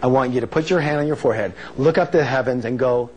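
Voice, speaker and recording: Here a man at a live motivational seminar speaks fast in a medium pitch, with a noisy background around him. Emphatic and playful, he tests the audience with questions and has them say phrases back in a call-and-response lecture.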